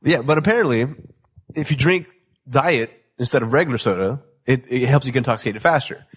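A man's voice: mid-range voice, animated, a little fast, breathy edge. A man in his twenties hosting a casual chat, loose and joking, laughing often. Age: 20s. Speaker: podcast host.

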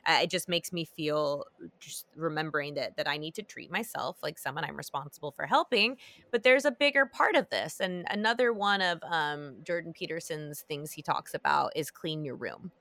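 Chatty woman podcast host, low bright voice, dry sound. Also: moderate pace, dry recording. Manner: chatty, many fillers and restarts. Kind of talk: casual chat.

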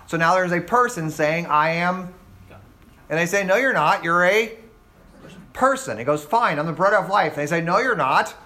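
Teaching a Bible class, a man with a bright, forceful voice on the high side quizzes his students with rhetorical questions. He acts out the voices in quoted exchanges.

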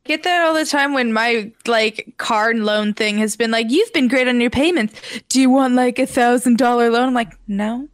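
A woman's voice: a little high, moderate pace, no room sound, clean studio sound. A young woman co-hosting a podcast, telling exasperated stories and swearing freely in casual chat. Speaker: podcast co-host.

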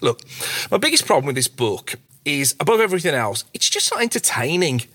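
A man's voice: a little high, big pitch swings, fairly quick, fairly bright tone. A British man delivering a crude, sardonic, mock-pompous comedic rant from a prerecorded segment. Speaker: segment contributor. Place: separate recording played on the show.

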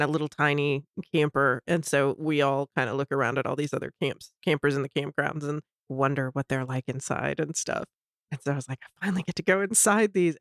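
A woman co-hosting a podcast in casual chat, telling rambling stories full of "like" and quick laughs. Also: low-pitched, no room sound, clean studio sound. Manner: rambling storyteller, heavy on "like", laughs often. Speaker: podcast co-host.

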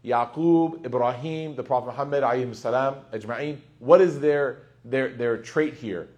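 A man giving a conversational lecture on Quranic commentary, animated and chatty with playful asides. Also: medium pitch, moderate pace. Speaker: Islamic teacher.

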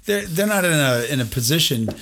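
Gravelly fast-talking middle-aged man. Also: a little high. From United States. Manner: animated storytelling with acted-out quotes. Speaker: podcast host. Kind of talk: casual podcast chat.

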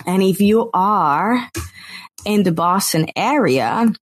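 A woman's voice: mid-range voice, expressive, slow pace. A woman guest on a casual podcast interview who talks in an effusive, gushing way and laughs often.

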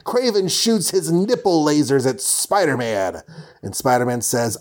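A man's voice: fairly high pitch, very animated, normal speed, darkish tone. Brief: male host, loose jokey comic recap, lots of ums. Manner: rambling, joking, many fillers.

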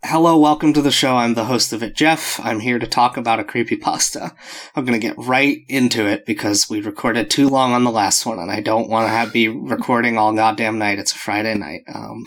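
A man's voice: mid-range voice, fairly even intonation, brisk, a bit bright. A man hosting a podcast in casual chat, rambling off on tangents with frequent chuckles. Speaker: podcast host.

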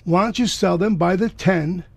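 A man from Miami, a guest telling a personal story with emphatic bursts of loud excitement. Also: sits high, moderate pace, creaky, slightly rough, no echo.

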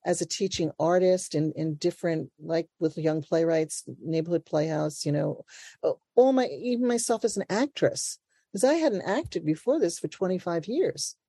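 Older woman with a dark, low voice. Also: normal speed, breathy edge, dry recording. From Brooklyn, New York. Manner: animated, laughs often, acts out voices. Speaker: playwright and actor being interviewed. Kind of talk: conversational interview.

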